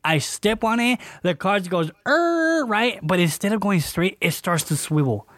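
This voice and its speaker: A young man spins a story for his podcast, full of acted-out quotes and casual fillers. His voice sits a little on the high side. The sound is close and dry, with no room around it. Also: normal speed, no echo. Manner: animated, acts out quotes with fillers. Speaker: podcast co-host.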